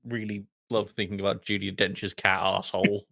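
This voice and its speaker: A young man from southwest England co-hosting a podcast, wry and quick to laugh in casual banter. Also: fairly low pitch, flat delivery, gravelly, sharp tone. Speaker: podcast co-host.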